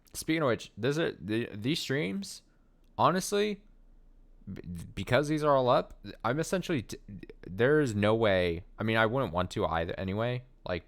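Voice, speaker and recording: Hoarse young man streaming. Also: sits low, no room sound. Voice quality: worn, nearly lost voice. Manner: rambling, joking, lots of "like". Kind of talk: casual let's play commentary.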